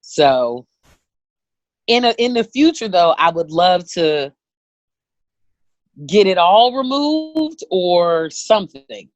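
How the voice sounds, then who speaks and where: A woman in her thirties, a comedian telling a story, animated and profane, acting out the voices of people in it. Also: on the low side, slow, pauses often, dry recording, lo-fi sound. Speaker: comedian guest. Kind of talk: comic storytelling.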